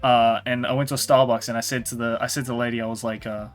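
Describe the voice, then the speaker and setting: A man's voice: medium pitch, flat delivery, fast talker, faint music behind. A man with an Australian accent, hosting a casual chat stream and joking as he tells stories. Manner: joking storyteller, swears casually. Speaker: streamer host. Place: Tokyo home studio.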